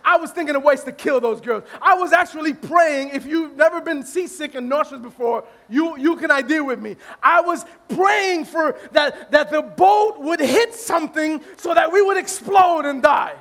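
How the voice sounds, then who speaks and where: Animated high-voiced pastor telling funny story. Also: male voice, normal speed, few pauses, shouting. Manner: animated, self-deprecating, laughing, repetitive restarts. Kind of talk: humorous sermon storytelling.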